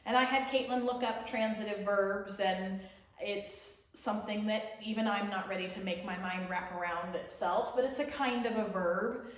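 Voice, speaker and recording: A woman's voice: medium pitch, fairly even intonation. Patient teacher woman in an echoey room. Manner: slow, patient explaining with drawn-out example words. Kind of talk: remote classroom lesson.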